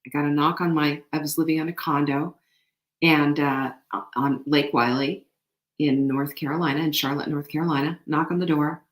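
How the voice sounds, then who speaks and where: A woman's voice: deep voice, normal speed. Emphatic woman, echoey room. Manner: animated, emphatic, faith-inspired encouragement. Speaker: show host. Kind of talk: motivational talk.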